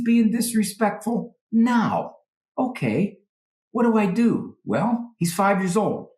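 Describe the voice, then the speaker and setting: Sitting high in pitch and recorded with a roomy sound, this guest psychologist offers lively parenting advice. He frequently slips into quick voices to play both parents and kids.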